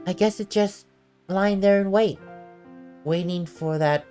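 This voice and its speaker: A woman voicing a gentle, wistful teenage girl in a video game, reading in a soft, reflective way. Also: mid-range voice, unhurried, close to an everyday voice. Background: faint game music.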